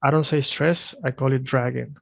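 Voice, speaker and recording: Gravelly male teacher drilling pronunciation. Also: mid-range voice, steady tone, dry recording. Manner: corrects firmly, drills words slowly and repeats them. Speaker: Swedish teacher. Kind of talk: one-on-one language lesson.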